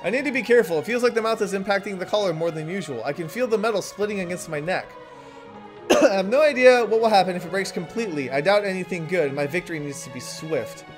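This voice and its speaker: A gaming YouTuber giving let's play commentary, reacting with raised, excitable exclamations. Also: medium pitch, quick pace, soft background music.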